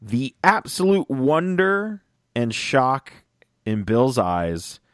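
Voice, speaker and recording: A man in a casual fan chat, talking excitedly and rambling, often acting out lines in little voices. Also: medium pitch, slow, no echo, clean studio sound. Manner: excited, rambling, acts out quotes.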